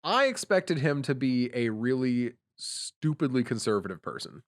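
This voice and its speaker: A man's voice: medium pitch, very animated, normal speed. A young man co-hosting a podcast, telling casual stories and quoting people in put-on voices. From Pennsylvania, USA. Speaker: podcast co-host. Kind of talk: casual chat.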